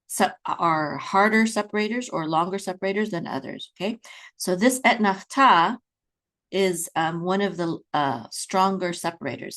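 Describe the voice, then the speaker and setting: A middle-aged woman teaching beginners to read Hebrew, patiently repeating sounds slowly and often checking in with "okay?", sometimes chanting words to their melody. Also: on the low side. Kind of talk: beginner reading lesson.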